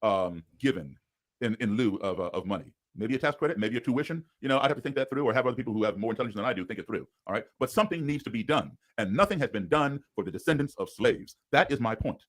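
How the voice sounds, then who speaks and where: Podcast guest, a man who talks very fast and tells stories in an earnest, explaining way. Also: medium pitch, lively intonation, a bit bright. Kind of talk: podcast conversation.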